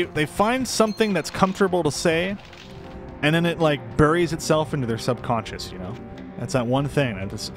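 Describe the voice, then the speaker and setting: A man's voice: mid-range voice, fairly bright tone. Chatty young man commenting on gameplay. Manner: chatty, self-deprecating, rambling asides.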